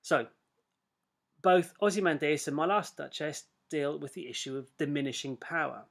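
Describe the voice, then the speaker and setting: Chatty male teacher, slightly high voice. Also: normal speed, vocal fry, a bit bright. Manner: chatty, self-deprecating asides, many fillers and restarts. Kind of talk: recorded video lesson.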